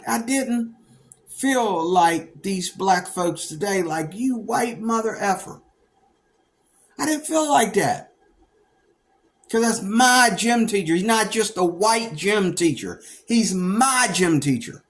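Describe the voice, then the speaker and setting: Man, middle-aged, from Pennsylvania, casual rambling monologue, fairly high voice, loud when quoting others. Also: slow pace. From Pennsylvania, United States. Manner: rambling, animated, acts out quoted people with sudden loud outbursts. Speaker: storyteller recounting his past.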